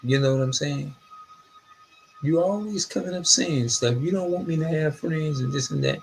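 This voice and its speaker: A man's voice: a little high, moderate pace, vocal fry, slight background noise, rough recording. A middle-aged man tells a rambling, profane story in a casual monologue. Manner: animated, profane, loosely phrased storytelling.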